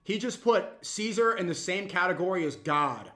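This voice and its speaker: A young man reacting to a clip with heated, mocking commentary that swings suddenly loud. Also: high-pitched, lively intonation, normal speed.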